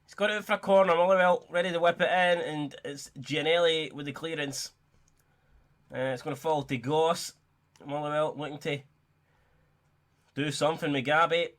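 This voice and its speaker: A young man giving excitable, sweary, joking play-by-play commentary while playing a football video game. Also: on the high side, normal speed. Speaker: gaming YouTuber.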